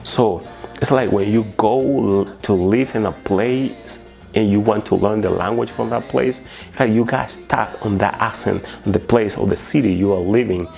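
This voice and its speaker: A man's voice: on the low side, moderate pace, creaky, a little mellow, faint music behind. A man from Colombia, a Spanish speaker teaching in English, earnest and repeating words for emphasis. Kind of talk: instructional video talk.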